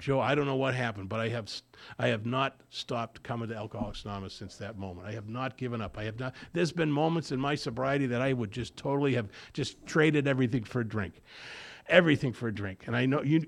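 Man, gravelly voice, mid-range pitch; shares his recovery story at a meeting, plays all the voices in it. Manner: storytelling, acting out dialogue, self-deprecating humor. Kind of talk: personal testimony talk.

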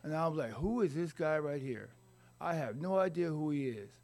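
A man's voice: fairly high pitch, lively intonation, a little mellow. Rambling man telling a wry life story. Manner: rambling, halting, with wry humor. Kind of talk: personal recovery story told to an audience.

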